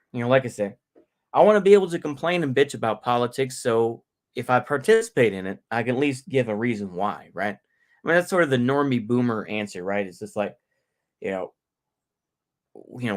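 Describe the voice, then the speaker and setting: A middle-aged man from North Texas talks on his own livestream in a loose, rambling way. He cusses freely and keeps repeating himself between asides. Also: medium pitch. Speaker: livestream host. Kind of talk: casual livestream rant.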